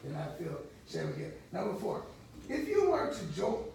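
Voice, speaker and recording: A man's voice: sits high, huge pitch swings, normal speed, gravelly, a little mellow. A man in his fifties, a counselor, giving a rambling, vivid personal testimony in a counseling group. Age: 50s. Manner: rambling, repetitive, vivid storytelling. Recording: echoey room from far off, faint noise.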